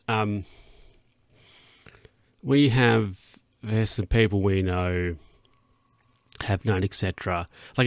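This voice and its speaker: A young man rambles through a casual solo podcast, restarting his sentences and chuckling between thoughts. His voice sits low and carries a gravelly fry. The room around him sounds dry and close, and he yawns now and then as he talks. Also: no room sound. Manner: rambling, self-interrupting, chuckling, voices his own thoughts in a high put-on tone. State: yawning. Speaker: podcast host.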